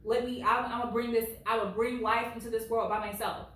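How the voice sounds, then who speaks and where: A woman in her late twenties reading reddit stories at home with blunt, animated commentary, peppered with "like". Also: fairly high pitch, a little fast. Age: late 20s. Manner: blunt and animated, heavy use of "like". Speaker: reddit story reader. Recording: very echoey room, far from mic.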